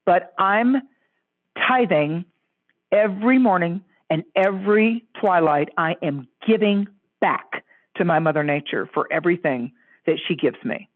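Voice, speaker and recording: Effusive woman on a tinny phone line. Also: dry recording. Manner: effusive, jumps into high voices quoting others. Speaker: astrologer guest. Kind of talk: animated storytelling chat.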